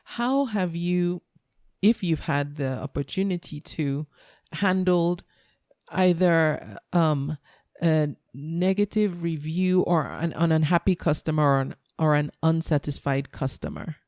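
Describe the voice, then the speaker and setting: Brief: low-pitched woman host, chatty, dry close sound. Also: unhurried, darkish tone, no room sound. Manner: chatty, restarts her sentences often. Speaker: podcast host. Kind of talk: casual interview chat.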